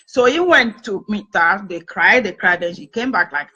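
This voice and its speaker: Middle-aged woman host telling a story, repeats herself for emphasis, bright forceful voice. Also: mid-range voice, lively intonation, moderate pace, slightly rough, poor audio. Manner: emphatic, repeats phrases for effect. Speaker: host and family therapist. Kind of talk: personal storytelling monologue.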